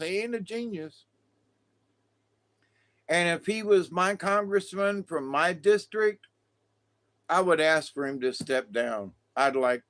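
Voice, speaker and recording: A man with a high voice drawls through a long monologue at an unhurried pace. He is stoned, keeps breaking into laughter, and repeats his insults with heavy, drawn-out emphasis. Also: lively intonation, a bit bright. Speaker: vlogger. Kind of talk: rambling monologue to viewers.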